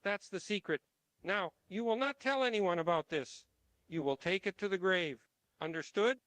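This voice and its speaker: A man's voice: sits high, moderate pace, fairly bright tone, no room sound. A man voicing a terrified male frog who begs for mercy in a pleading, dramatic way. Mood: secretive. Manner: pleading, sobbing dramatic delivery.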